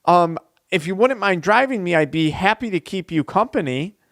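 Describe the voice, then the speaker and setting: A man's voice: high voice, expressive, normal speed, a bit bright, no room sound, clean studio sound. A man voicing a sly, ingratiating hitchhiker in a spoken story. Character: sly, smooth-talking friendly hitchhiker.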